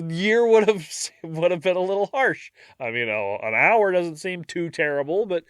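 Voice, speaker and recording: A man co-hosting a history podcast, with a higher pitch that swings widely as he talks. He takes his time, jokes his way through the story and acts out little scenes. The sound is close and dry, with no room around it. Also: big pitch swings, normal speed, hardly any pauses, a bit bright, no room sound. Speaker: podcast co-host. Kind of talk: casual history podcast chat.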